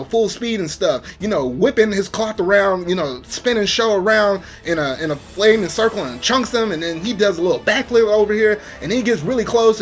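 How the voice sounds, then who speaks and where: A man's voice: high-pitched, a bit bright. A man casually reviewing an anime episode, rambling with many fillers.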